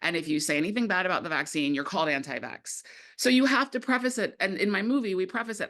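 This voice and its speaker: A woman filmmaker talking casually in an interview, animated and quick to act out what others said, with many "like" fillers. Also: fairly low pitch. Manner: animated, acts out quoted voices, many "like" fillers. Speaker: documentary filmmaker, guest.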